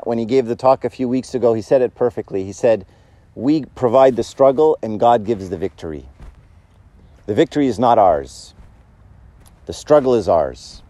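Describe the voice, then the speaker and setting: A man's voice: medium pitch, dark tone, no room sound. A man giving a casual, conversational sermon, joking and asking the audience questions. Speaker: church speaker.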